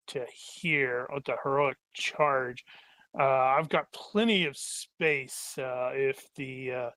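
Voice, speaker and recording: A man's voice: medium pitch, bright, forceful tone, no echo. A man playing a tabletop game, joking and thinking aloud in a playful way. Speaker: player.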